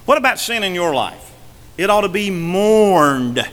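A male pastor preaching a sermon from the pulpit, swinging between emphatic and hushed delivery. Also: high voice, sing-song, a little slow, big-room sound. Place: church sanctuary.

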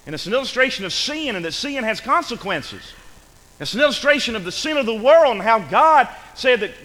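A middle-aged man preaching a sermon in a folksy, animated way, sprinkling in amens and side stories. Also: very high-pitched, brisk. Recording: long hall reverb.

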